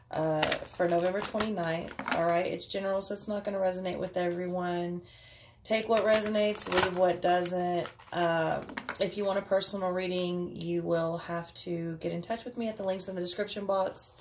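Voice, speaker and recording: A woman's voice: fairly low pitch, noisy background. A woman giving a casual daily tarot reading, chatty and offhand, with frequent fillers. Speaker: tarot card reader.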